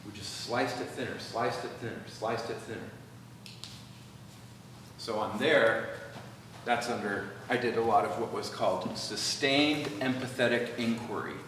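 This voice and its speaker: A man's voice: mid-range voice, measured pace. Man teaching in an echoey hall. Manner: animated, acts out quoted dialogue. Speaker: workshop speaker. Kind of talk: church workshop talk. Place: church hall. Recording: echoey hall from far off, noisy.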